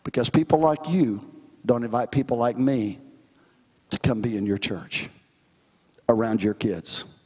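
A man's voice: mid-range voice, unhurried, long pauses, slightly rough, in a large hall. A man from Texas preaching his testimony, telling his story with emphatic, rising and falling intensity. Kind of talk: testimony sermon.

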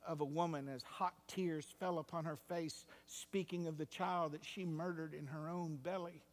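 A male pastor preaching a sermon, moving between hushed, quiet passages and loud, rising climaxes. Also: fairly high pitch. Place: church sanctuary. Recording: long hall reverb.

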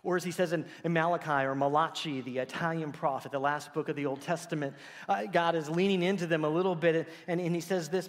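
Animated male preacher in a reverberant hall. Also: on the high side, fast talker. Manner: conversational, animated, acts out quoted voices. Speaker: pastor. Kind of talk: sermon.

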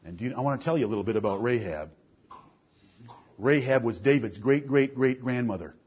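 A man preaching a sermon, firing off rhetorical questions and swinging between soft, low passages and loud, raised ones. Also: expressive, fairly quick, slightly rough, dull audio.

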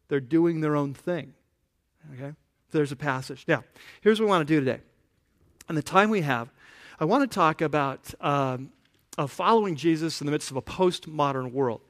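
A pastor giving a conversational sermon, often asking the congregation questions. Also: male voice, a little high. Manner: casual, asks the congregation questions.

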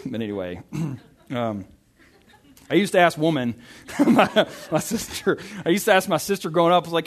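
A man's voice: mid-range voice, expressive, fairly quick. A young man giving a casual, conversational sermon, reading scripture and often checking in with "right?". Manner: chatty, self-interrupting, often asks "right?". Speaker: pastor.

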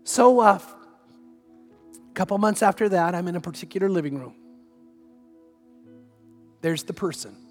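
Male pastor, conversational storyteller, raised pitch, faint music underneath. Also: animated, unhurried, long pauses, long reverb tail. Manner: storytelling, conversational, with repeated rhetorical questions. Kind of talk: sermon.

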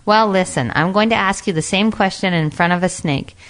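A woman's voice: fairly low pitch, brisk, fairly bright tone, natural voice. A woman voicing a male peasant farmer in a storybook reading, earnest and pleading.

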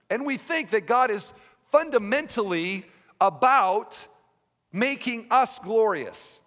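Male pastor, sermon, emphatic with quiet drops, rhetorical questions, high voice, reverberant hall.

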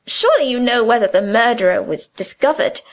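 A woman voicing a cool, sharp-eyed schoolgirl who questions eagerly. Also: fairly high pitch, animated, fairly quick. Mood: probing. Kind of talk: audiobook character reading.

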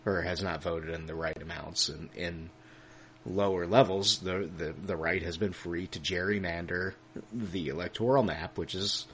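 A man's voice: low-pitched, fairly even intonation, moderate pace, a bit bright, a little hiss or hum. A man co-hosting a podcast in casual political chat, ranting with plenty of swearing, laughing often and tripping over his words. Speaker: podcast co-host.

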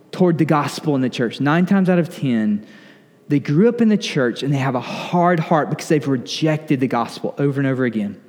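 A male pastor preaches earnestly, pausing and slowing on key words and sometimes dropping almost to a whisper. His voice sits a little high for a man. The sound carries a long reverb from a church sanctuary. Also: a little mellow. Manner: earnest preaching, slows for emphasis, drops to near-whisper on lists. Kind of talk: sermon.

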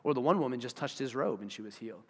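A man's voice: medium pitch, rapid-fire, breathy edge. A man preaching a sermon as pastor, telling a story with acted-out voices and questions to the congregation. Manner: animated storytelling, acts out voices and asks the audience questions. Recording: long hall reverb.

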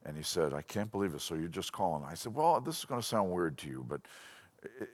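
A man with a lowish voice preaching a Bible lesson to a congregation. He tells stories with animation, circling back and repeating himself as he builds his point. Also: brisk. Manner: animated, storytelling with frequent restarts. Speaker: Bible teacher. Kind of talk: sermon-style Bible lesson.

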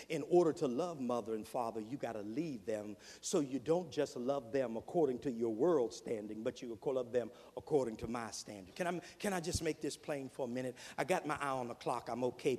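A male preacher and dean, delivering a sermon that swings from quiet low passages to loud, soaring cries. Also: husky. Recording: long reverb of a large hall.

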